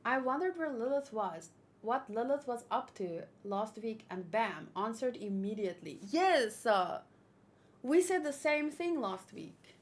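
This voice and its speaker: A woman's voice: a little high, lively intonation, unhurried. A woman hosting a manga read-along, chatting casually with playful, sarcastic asides.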